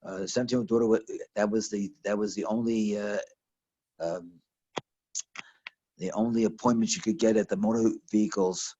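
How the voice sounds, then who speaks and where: A man teaching a lesson over a video call, telling a story in a halting way with lots of restarts and fillers. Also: fairly low pitch, fairly even intonation, mellow, muffled recording. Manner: halting, repeats words, many fillers.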